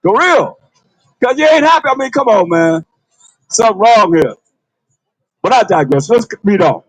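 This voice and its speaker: A man's voice: high-pitched, very animated, normal speed, no echo, low-quality recording. A man preaching outdoors on a city street, confronting and calling out to passersby.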